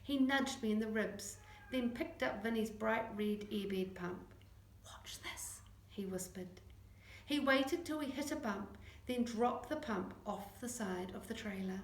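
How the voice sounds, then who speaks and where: Woman, high-ish voice, lively storybook reading, echoey room. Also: unhurried. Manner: lively, acts out the dialogue. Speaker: narrator. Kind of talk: audiobook reading.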